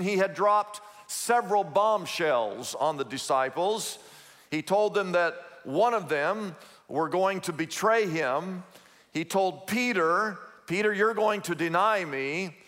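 Male pastor, high voice, emphatic repetitive preaching, long hall reverb. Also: fairly bright tone. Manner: emphatic, repetitive, slows down to stress key phrases. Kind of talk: sermon.

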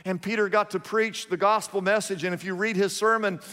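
A man's voice: high-pitched, steady tone, fairly quick, sharp tone, big-room sound. A man preaching a sermon, telling a story emphatically with lots of repetition.

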